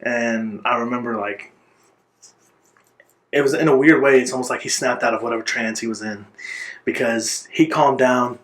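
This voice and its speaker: A man being interviewed, telling his own life story in an earnest, reflective way and pausing now and then to gather his words. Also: mid-range voice, steady tone, fairly bright tone. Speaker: interview guest.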